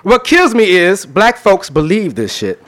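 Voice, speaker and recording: Male spoken word poet, somewhat high voice, loose banter leading into a rhythmic, pointed reading. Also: big pitch swings, unhurried, fairly bright tone. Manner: conversational with laughter, then rhythmic performed delivery.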